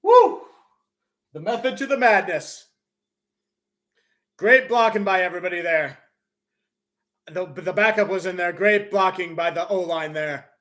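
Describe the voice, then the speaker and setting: High-voiced excitable male sports fan. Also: normal speed, long pauses. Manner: excitable, bursts into loud cheers. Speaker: live stream host. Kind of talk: fan play-by-play reaction.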